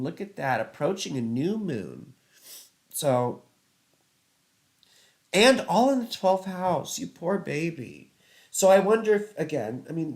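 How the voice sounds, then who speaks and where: A man hosting a casual live-stream of astrology chart readings, chatty and rambling, filling his talk with "you know" and "right". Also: on the high side. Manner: reads viewer comments aloud and laughs at own slips. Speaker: astrologer host.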